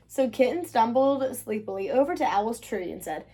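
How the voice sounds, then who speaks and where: A woman from the United States reading a children's picture book aloud, expressive and sing-song. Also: a little high, moderate pace, hardly any pauses. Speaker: children's book reader, channel host. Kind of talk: read-aloud storytelling.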